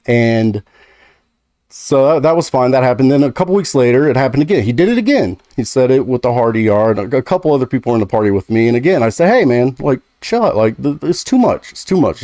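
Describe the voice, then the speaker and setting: A man's voice: medium pitch, warm tone, no echo, clean studio sound. A young man telling a personal story on his gaming vlog, talking in a loose, conversational way with lots of fillers and restarts. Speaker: gaming YouTuber.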